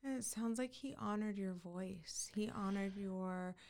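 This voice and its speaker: A woman hosting a podcast, responding with affirming, reflective remarks. Her voice has a gravelly, fried texture at a middling pitch. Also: measured pace, a little mellow. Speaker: podcast host. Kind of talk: supportive interview conversation.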